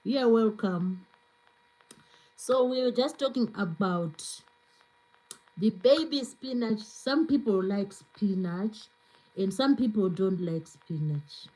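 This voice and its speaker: Slow, mellow-voiced woman chatting on a livestream. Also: medium pitch, lively intonation, low-quality recording. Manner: chatty, repeats words, laughs often, restarts. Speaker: cooking livestream host. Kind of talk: casual live-stream chat reading comments.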